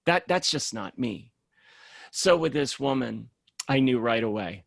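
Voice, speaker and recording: Gravelly-voiced man telling animated stories. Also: mid-range voice, unhurried, no echo, clean studio sound. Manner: animated storyteller, acts out quoted voices. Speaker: program founder and guest. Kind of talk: casual podcast conversation.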